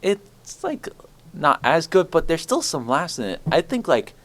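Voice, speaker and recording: Rambling teenage boy, lively pitch. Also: a little slow. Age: teens. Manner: rambling, many likes and restarts. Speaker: podcast host. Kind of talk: casual chat.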